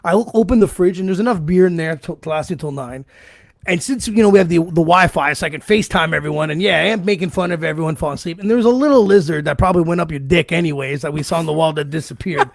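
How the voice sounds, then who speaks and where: A man's voice: fairly high pitch, fast talker, vocal fry, no echo. A man co-hosting a casual podcast, telling a profane story and laughing often. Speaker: podcast co-host.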